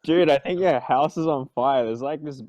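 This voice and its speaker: A man's voice: mid-range voice, moderate pace, darkish tone, dry recording, muffled recording. A man playing a tabletop game, joking playfully and often laughing. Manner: playful, giggly joker. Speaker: player. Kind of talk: casual tabletop game chat.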